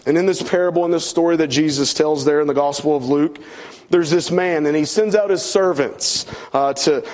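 A middle-aged man, preaching a sermon with swelling emphasis and soft drops. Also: on the high side. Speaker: pastor.

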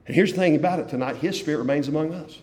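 Fervent pastor preaching. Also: male voice, on the high side, rapid-fire. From West Virginia, USA. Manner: fervent, repeats key phrases, swings from loud to hushed. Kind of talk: evening sermon. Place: church sanctuary. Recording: long church hall reverb.

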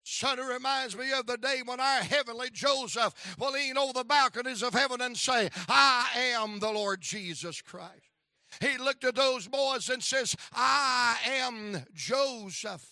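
A man preaching a sermon in impassioned bursts, with rhythmic repetition and sudden shouts. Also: extremely high pitch, normal speed, dry recording, clean studio sound.

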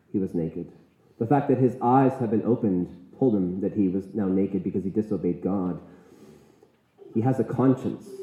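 A man preaches from the pulpit, earnest and emphatic, often slowing to lean on single words. His voice sits at an ordinary middle pitch. The sound is thin and tinny, as if over a phone line, and it rings in an echoey room. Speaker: pastor. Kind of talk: sermon.

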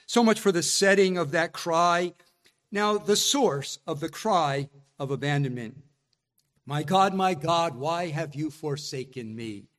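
A man's voice: a little high, a little slow, a bit bright. A man preaching a sermon, teaching earnestly through a psalm and rising to impassioned emphasis on its cries.

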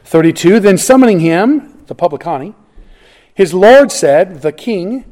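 A pastor with a high voice delivers an expository sermon at a moderate pace, pressing hard on key words. Animated and earnest, he works through the passage verse by verse, often restarting phrases mid-thought.

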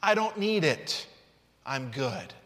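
A smug, self-satisfied man waves away a gift he does not want, as a preacher puts him on. He talks in a relaxed, dismissive way, in a fairly high voice that rings with long reverb. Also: takes it slowly, heavily acted.

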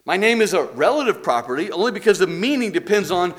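A man's voice: sits high, sing-song, fast talker, a bit bright. A man teaching a church doctrine class, earnest and explaining through examples and rhetorical questions. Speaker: Bible teacher.

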